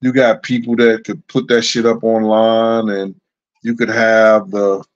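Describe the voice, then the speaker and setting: A man's voice: fairly low pitch, little pitch movement, a little slow, highs cut off. A middle-aged man hosting a show, telling casual anecdotes in a loose, repetitive, chuckling way. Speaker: host. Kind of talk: casual storytelling.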